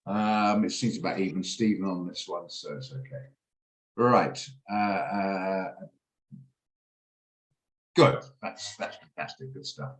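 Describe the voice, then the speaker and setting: This middle-aged trading-room host speaks slowly in a low voice, leaving long pauses as he rambles chattily through his trades and keeps restarting. It's casual live commentary recorded over a video call, and the echoey room makes for a rough recording.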